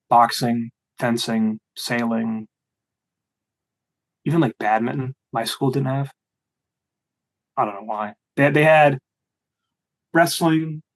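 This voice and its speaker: A young man chats as an interview guest in a mid-range voice. He rambles and restarts his sentences, getting animated as he goes. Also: medium pitch, low-quality recording. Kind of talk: casual interview chat.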